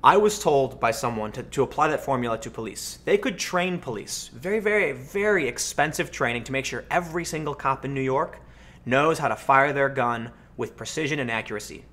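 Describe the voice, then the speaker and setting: An American man hosting a livestream, answering chat questions and telling stories in a casual, animated way. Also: mid-range voice, fairly quick. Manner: animated storytelling, acts out voices in anecdotes. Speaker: livestream host.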